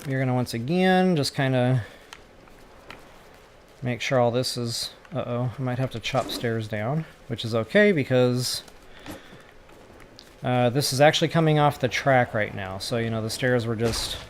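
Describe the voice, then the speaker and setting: A man giving casual gameplay commentary for a building tutorial, chatty and self-mocking as he thinks out loud. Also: mid-range voice, unhurried, long pauses, a little hiss or hum. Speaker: gaming tutorial creator.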